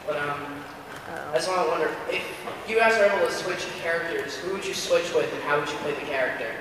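A man's voice: on the high side, fast. A man fan asking the panel a question, hesitant and polite. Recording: echoey hall, distant mic, crowd noise.

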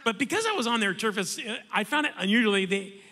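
A man on a church conference panel telling a lively anecdote, acting out the other voices. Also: high-pitched, quick pace. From Southern California. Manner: animated, acts out voices in anecdotes. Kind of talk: storytelling on a panel. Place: large church hall. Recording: long hall reverb.

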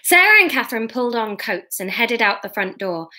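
A woman's voice: fairly high pitch, very animated, fairly quick, bright, forceful tone. A woman reading a novel aloud, with chatty, self-mocking asides. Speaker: comedian reading her novel.

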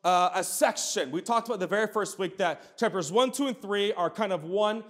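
A man's voice: high-pitched, normal speed, fairly bright tone. A man in his thirties, a pastor, preaching a sermon in a conversational storytelling way with sudden bursts of emphasis.

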